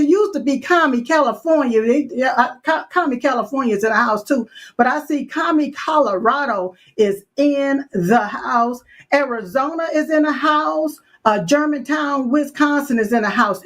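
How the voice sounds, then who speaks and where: Sassy woman hosting a live show. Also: fairly high pitch. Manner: sassy, folksy, full of call-outs and asides. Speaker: show host. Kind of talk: live-stream chat show.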